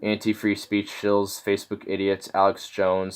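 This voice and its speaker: A man with a fairly low voice talks through someone else's videos in a casual, sneering way. He swears often and sounds openly incredulous at what he finds. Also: completely flat delivery, moderate pace, hardly any pauses, clear, resonant tone. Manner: mocking, incredulous, swears a lot. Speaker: commentator reacting to videos. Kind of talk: casual reaction commentary.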